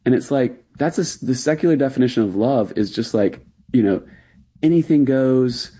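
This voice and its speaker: A man's voice: medium pitch, a little fast, dark tone, breathy edge. A man, a pastor, talking earnestly as a radio interview guest and explaining his views with fillers and emphasis.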